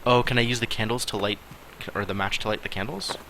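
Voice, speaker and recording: A man streaming a game, musing aloud in casual commentary with wry asides and quiet mutters. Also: fairly low pitch, fairly even intonation, quick pace, vocal fry, slight background noise.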